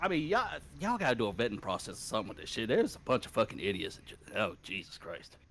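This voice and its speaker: A man's voice: lowish voice, wildly swooping pitch, fast, fairly bright tone, slight background noise. A man who races online, ranting angrily after a race and swearing constantly over voice chat. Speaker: sim racing driver. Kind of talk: profane post-race rant.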